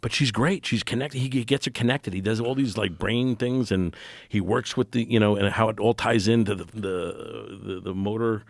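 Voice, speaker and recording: A middle-aged American man talking as a podcast guest in a halting, earnest way, with many restarts. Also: lowish voice, gravelly, no echo. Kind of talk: casual conversation.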